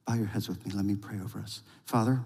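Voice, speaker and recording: A male pastor delivering a sermon, telling a lively story and then leading a quiet prayer. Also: on the low side, fast talker, creaky. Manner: storytelling with rising excitement, then hushed prayer. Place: church sanctuary. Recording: long reverb of a large hall.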